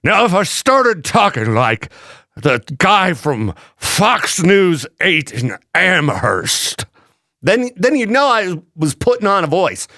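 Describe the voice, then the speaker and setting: Male morning radio host, lively swooping delivery, joking, dry studio mic. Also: high voice, slow, no room sound. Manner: animated, joking, laughs often. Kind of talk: casual morning radio chat. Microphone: studio microphone.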